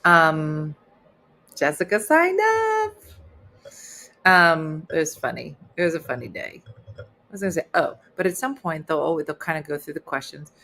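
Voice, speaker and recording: A middle-aged woman hosting a casual livestream chat, playful and teasing with deadpan asides. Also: deep voice, normal speed. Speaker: host.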